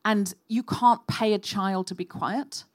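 A woman hosting a live comedy podcast, telling animated stories and acting out shouted quotes. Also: mid-range voice, a little slow. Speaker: podcast host. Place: live stage before an audience.

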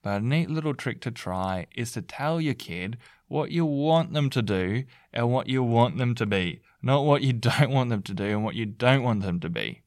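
A man's voice: mid-range voice, lively intonation, normal speed, hardly any pauses, no room sound, clean studio sound. A man speaking as a parenting counselor in a mock counseling session, earnest and coaxing, with lots of fillers and restarts.

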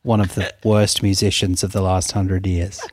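A man co-hosting a podcast, with a slow, dry, sarcastic delivery and frequent laughter. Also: low-pitched, level tone, a little mellow, dry recording. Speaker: podcast co-host. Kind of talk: casual comedic chat.

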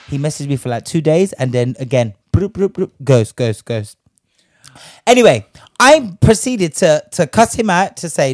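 A young man telling a story in casual chat, brash and profane, ranting with lively energy. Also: fairly high pitch, normal speed, dry recording, studio quality.

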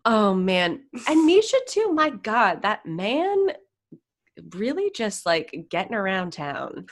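A woman's voice: mid-range voice, slow. A woman co-hosting a podcast, chatting casually and animatedly about celebrity gossip, with many "like"s. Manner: animated, gasps and laughs, frequent "like". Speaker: podcast co-host.

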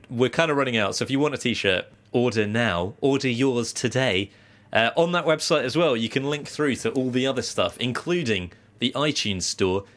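A man's voice: mid-range voice, fairly bright tone. Jokey man co-hosting a podcast. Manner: jokey, laughs often, does silly voices. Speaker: podcast co-host. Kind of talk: casual chat.

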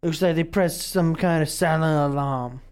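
A man's voice: a little high, moderate pace, a little mellow, clear, resonant tone. A man playing a tabletop game, brash and casual, swearing often. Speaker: player.

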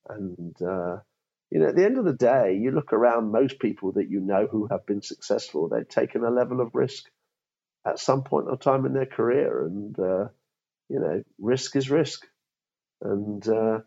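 A man's voice: on the low side, a little mellow, husky, muffled recording. A man in his fifties, a former law firm chief, thinking aloud in an interview with frequent restarts. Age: 50s. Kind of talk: interview conversation.

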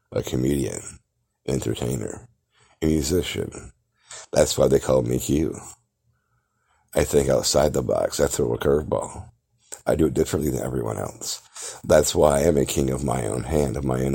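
Deep gravelly boastful man. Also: mellow. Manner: boastful, theatrical, lectures the listener. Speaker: podcast host. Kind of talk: grandiose self-promoting monologue.

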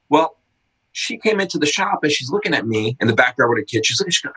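A middle-aged man, a skate shop owner, telling animated casual stories with lots of swearing and loud acted-out quotes. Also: on the high side, brisk, slightly rough, poor audio. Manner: excitable, swearing, acts out quotes loudly. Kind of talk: casual storytelling.

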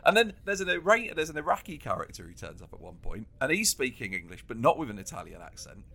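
A man co-hosting a casual comedy chat, animated and laughing often as he riffs. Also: mid-range voice, quick pace, creaky. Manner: animated, laughs often, acts out quoted lines. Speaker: podcast co-host.

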